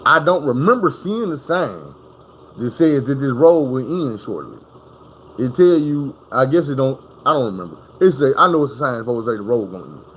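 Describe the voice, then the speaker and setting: A man with a mid-range, very animated voice speaks at a moderate pace over slight background noise. At home, he tells a personal story casually and profanely, vividly sounding out the crashes as he goes.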